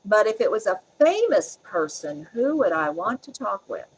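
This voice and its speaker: A middle-aged woman, chatting as a podcast guest, strong-willed and quick to laugh. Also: medium pitch, sing-song, a little hiss or hum, low-quality recording. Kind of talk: casual interview chat.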